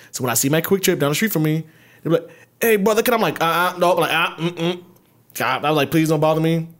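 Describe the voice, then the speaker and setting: A man co-hosting a podcast, bantering in an animated and profane way in casual chat. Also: on the high side. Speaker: podcast co-host.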